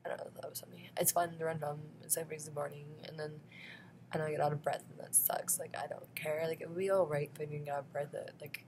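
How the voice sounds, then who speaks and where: A woman's voice: low voice, level tone, fast, darkish tone, a little hiss or hum. A woman talking straight to camera in a rambling vlog monologue, often breaking into laughs between phrases. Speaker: vlogger.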